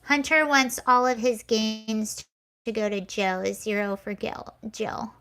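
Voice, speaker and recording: A woman with a somewhat high voice hosts a casual livestream. She chats sarcastically, laughs often and reads viewer comments aloud. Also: slow, fairly bright tone, clean tone. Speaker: livestream host. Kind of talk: casual chat reacting to clips and comments.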